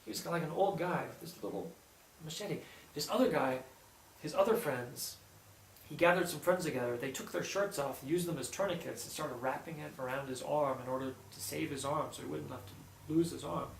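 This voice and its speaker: A man with a slightly raised, gravelly voice tells a personal story in a casual, animated way, breaking into quick quoted bursts. He sits back from the mic in an echoey room, with a faint hum behind him. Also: a little high. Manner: animated storytelling, quoting others in lively bursts. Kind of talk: casual spoken anecdote. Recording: roomy echo, distant mic, faint background hum.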